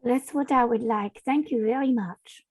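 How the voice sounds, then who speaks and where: A woman's voice: fairly high pitch, moderate pace, husky, no room sound. A woman player role-playing in character at a tabletop game, polite and prim.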